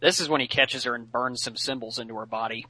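A man with a bright, forward voice retells a cartoon episode in a casual podcast chat. He is careful with the details. The sound is dry, close and free of room echo. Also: medium pitch, steady tone, fast talker. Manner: careful, corrects details of the plot. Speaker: podcast co-host.

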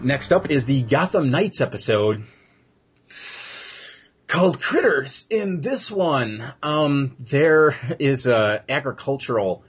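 A man's voice: medium pitch, lively intonation, slow pace, breathy edge. A man co-hosting a podcast, retelling an episode in a loose, rambling way with many fillers. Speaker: podcast co-host reviewing episodes. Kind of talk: casual chat.

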